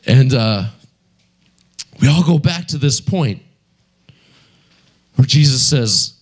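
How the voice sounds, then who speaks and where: A man's voice: mid-range voice, expressive, very slow, pauses often, breathy edge. A man preaching a sermon in a conversational storytelling manner. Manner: conversational storytelling with many fillers.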